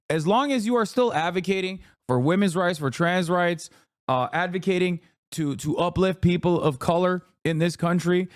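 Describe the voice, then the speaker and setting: Male streamer, fairly high voice, angry, swears a lot, heated commentary, dry close sound. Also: no room sound. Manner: angry, profane, shouts down critics. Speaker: livestream political commentator.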